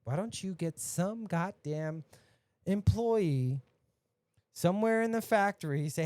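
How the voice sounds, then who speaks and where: A podcast host, a man, ranting casually and profanely, dropping to mutters and then bursting out loud. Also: high voice, expressive, slow pace, no room sound. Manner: profane, ranting, swings between mutters and outbursts.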